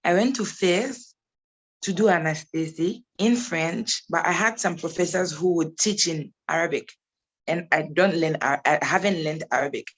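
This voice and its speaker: A woman's voice: on the low side, normal speed, husky. Young woman, english speaker, grad answering questions, chatty, laughs a lot. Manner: chatty, storytelling, laughs often. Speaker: graduate guest.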